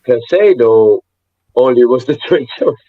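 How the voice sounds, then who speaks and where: A man co-hosting a casual sports podcast, telling stories in an animated way. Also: medium pitch, normal speed, dry recording, phone-quality sound. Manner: animated storytelling. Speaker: podcast co-host. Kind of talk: casual chat.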